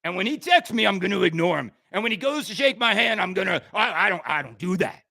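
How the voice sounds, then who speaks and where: High-voiced ranting middle-aged man. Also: fast talker, gravelly, no room sound, studio quality. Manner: animated, swinging between loud outbursts and quiet asides. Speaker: pinball show host. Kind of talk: ranting monologue.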